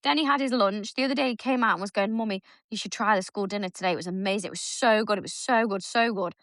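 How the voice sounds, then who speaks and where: Talking fast in a mid-range voice, a woman co-hosting a podcast swaps stories in relaxed conversation and performs her son's lines with animation. There's no room sound, and the recording is studio quality.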